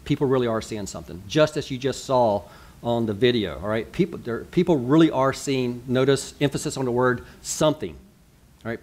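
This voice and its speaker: A man's voice: medium pitch, moderate pace, a little mellow. A man, a pastor giving a sermon in a chatty, conversational way, full of asides and rhetorical questions.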